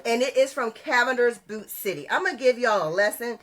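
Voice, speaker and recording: A woman's voice: a little high, a little fast, fairly bright tone. A woman from Texas, co-hosting a podcast in sassy, emphatic casual chat full of Southern sayings. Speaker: podcast co-host.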